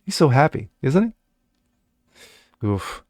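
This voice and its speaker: A man's voice: medium pitch, very animated, slow pace, darkish tone, no room sound, clean studio sound. A man giving sarcastic commentary on news stories, reading articles aloud with mocking asides. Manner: sarcastic, mocking asides between read-out passages. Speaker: commentary vlogger.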